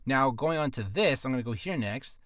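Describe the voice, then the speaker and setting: A man's voice: mid-range voice, expressive, brisk, a bit bright, dry recording, clean studio sound. A man in a casual vlog, rambling in a goofy way and often cutting himself off mid-sentence. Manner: goofy, rambling, self-interrupting. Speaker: voice actor vlogger. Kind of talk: casual screen-share vlog.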